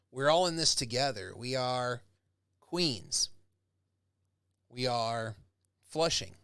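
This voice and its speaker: A man's voice: mid-range voice, fairly bright tone, no echo. A man, a professor, giving a casual lecture. He talks conversationally and acts out example speakers with growing intensity.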